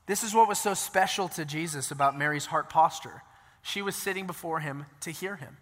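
A man preaching a sermon as pastor, telling the story in a conversational, animated way with casual asides. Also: fairly high pitch, a little fast, long reverb tail.

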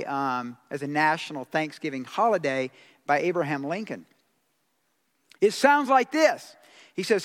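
A man preaching a sermon as pastor, impassioned and rising to loud exclamations. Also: high voice. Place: church sanctuary. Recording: long hall reverb.

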